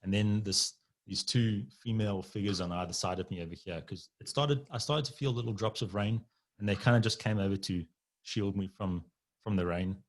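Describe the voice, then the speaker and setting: Low-voiced man telling a story casually. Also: a little fast. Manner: rambling, laughs often, swears casually. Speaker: guest.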